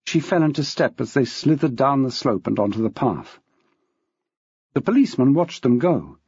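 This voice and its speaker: A man narrating an audiobook in a measured, expressive reading style. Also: medium pitch, husky, dry recording. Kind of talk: scripted narration. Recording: dull, dry.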